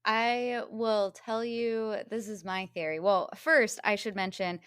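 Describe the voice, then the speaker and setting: A woman's voice: mid-range voice, steady tone, slow, a bit bright, clear, resonant tone, no room sound, studio quality. A woman co-hosting a film review podcast in casual chat, sharing firm opinions and laughing between her points. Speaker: podcast co-host.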